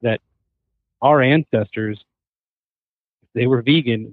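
A man's voice: medium pitch, a little fast, no room sound. Guy telling stories on a podcast, does the voices, sounds like a phone call, dry. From Southern California. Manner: animated storyteller who acts out quoted voices. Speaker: podcast guest, hunter and chef. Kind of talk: casual conversation. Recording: thin phone-like remote line, dry.

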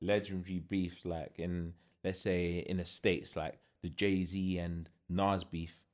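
A man's voice: low-pitched, little pitch movement, slow. A young man, co-hosting a casual chat and giving his opinions in a laid-back way. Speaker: podcast co-host. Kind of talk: casual chat about UK rap beefs.

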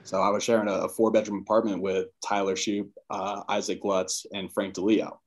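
This podcast guest, an ex-college football player, has a lowish, level voice and a fairly quick pace. He tells a personal story in a relaxed way, acting out the lines his parents said.

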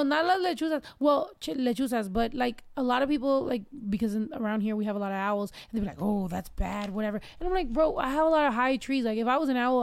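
A woman hosting a casual podcast, telling stories in a loud, profane, lively way. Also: fairly high pitch, no echo.

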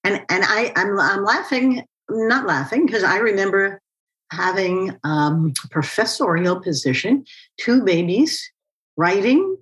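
A woman's voice: mid-range voice, a bit bright, low-quality recording. Female interview host, author; reflective, long-winded questioning. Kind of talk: interview conversation.

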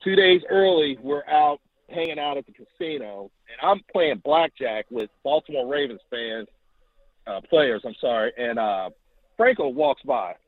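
A man calling in to tell a long story, animated and acting out quotes, heard over the phone. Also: no echo. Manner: animated, acts out quotes with rising pitch. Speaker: caller. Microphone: telephone. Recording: tinny phone line.

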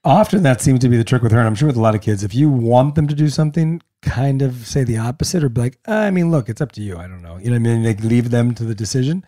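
Casual chat, man, middle pitch, jokey storytelling. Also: quick pace, few pauses, mellow. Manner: joking, laughs easily, mimics his kids. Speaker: podcast co-host.

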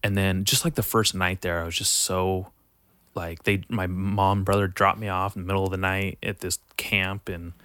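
Deep-voiced young man telling a rambling story. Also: little pitch movement, moderate pace, sharp tone, smooth, no room sound. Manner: rambling, profane, laid-back storytelling. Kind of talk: casual chat.

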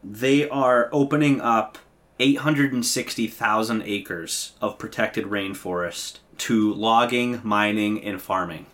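A man's voice: lowish voice, a bit bright. A man co-hosting a podcast who leads the topics and laughs easily. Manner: upbeat, quick to laugh, steers the talk. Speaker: podcast co-host. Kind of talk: casual chat.

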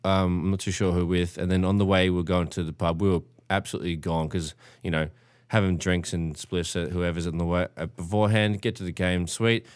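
A man's voice: low voice, little pitch movement, brisk, clean tone, no echo. A young Australian man telling crude party stories in a casual chat, full of slang. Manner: crude, laid-back slang, acts out quoted voices. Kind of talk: casual storytelling.

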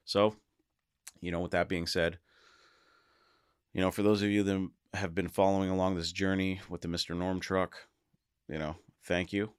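Man, podcast host, very low voice, chatty, excited, laughs a lot, dry close recording. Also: normal speed, long pauses, smooth, no room sound. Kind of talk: casual solo podcast monologue.

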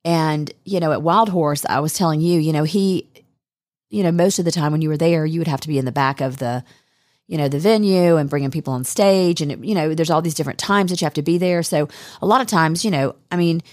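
Woman with a low voice rambling through a story, lots of you knows, dry sound. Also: no room sound. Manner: rambling, warm reminiscing with many fillers. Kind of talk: casual podcast chat.

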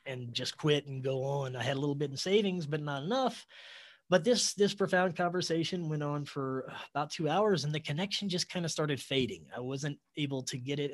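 A man guest telling a long personal story in a casual interview, earnest and animated, acting out quoted dialogue and laughing now and then. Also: on the high side.

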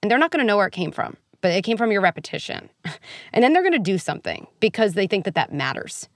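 On a podcast, a female clinical psychologist guest talks quickly in a mid-range voice, animated and candid, voicing imagined parents and children. At one point she becomes briefly tearful. The audio is clean studio sound without echo.

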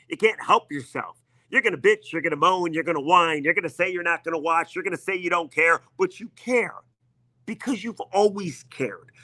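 A man's voice: on the high side, sharp tone, no echo. A man hosting sports talk radio, delivering an emphatic, needling monologue that leans on repetition.

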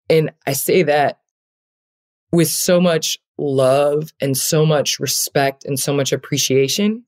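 A woman's voice: deep voice, darkish tone. A woman talking as an interview guest, a basketball player speaking earnestly and reflectively with many fillers. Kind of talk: heartfelt conversational interview.

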